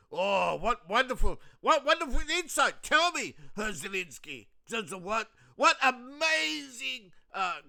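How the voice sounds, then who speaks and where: Sneering man in mock awe, put on by a male commentator: shrill, loud, dripping sarcasm, bright edge. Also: creaky, heavily acted. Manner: shrill, sarcastic, shouting mockery. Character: sneering adult man mockingly gushing over an obvious warning.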